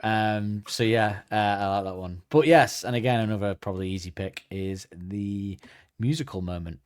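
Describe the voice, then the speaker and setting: Rambling man, low voice. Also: normal speed. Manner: rambling, hesitant, many fillers. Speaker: podcast host. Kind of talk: casual chat.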